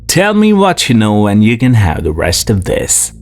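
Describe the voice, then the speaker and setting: A man voicing a gruff soldier who rumbles his words, in an audiobook reading. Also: huge pitch swings, moderate pace, faint music behind.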